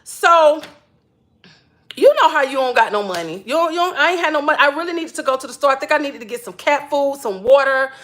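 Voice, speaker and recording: A woman's voice: sits high, expressive, fairly quick, fairly bright tone. A woman, telling personal stories to viewers in a chatty way, repeating "literally" and laughing often. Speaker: spiritual wellness creator. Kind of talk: casual storytelling to viewers.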